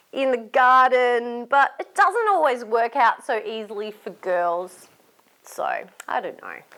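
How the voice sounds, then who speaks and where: A woman with an Australian accent, a children's entertainer reading a picture book aloud, animated and asking young listeners to join in. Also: on the high side. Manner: animated, asks young listeners questions and invites them to join in.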